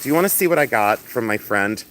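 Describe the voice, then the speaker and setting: Loud, flamboyant man chatting on a livestream. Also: mid-range voice, animated, fast talker, a little hiss or hum. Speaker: livestream host selling and showing jewelry. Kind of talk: casual livestream chat. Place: outdoors in the sun.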